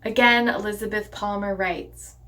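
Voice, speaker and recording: A woman pastor delivering a sermon in a measured, deliberate preaching cadence. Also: mid-range voice, steady tone, pushed and bright.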